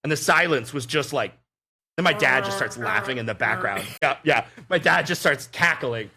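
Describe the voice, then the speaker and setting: A man co-hosting a podcast, telling a long story in an animated, filler-heavy way. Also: medium pitch, normal speed, crowd noise. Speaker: podcast co-host. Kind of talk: casual storytelling chat.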